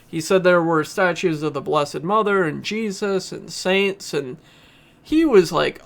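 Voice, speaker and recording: Gravelly man earnestly retelling a story. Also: high voice, a little slow. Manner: earnest storyteller, frequent uh fillers. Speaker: podcast reviewer. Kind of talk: casual spoken retelling and commentary.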